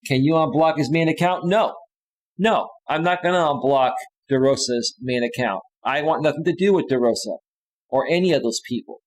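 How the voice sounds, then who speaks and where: A man's voice: a little high, normal speed, poor audio. A man hosting a live stream, reading viewer comments aloud and answering them bluntly and dismissively. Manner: blunt and dismissive, with frequent restarts.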